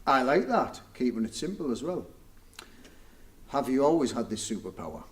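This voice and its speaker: A man's voice: mid-range voice, big pitch swings, normal speed. Playful man hosting an interview. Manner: playful, teasing. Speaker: podcast host. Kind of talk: casual interview chat.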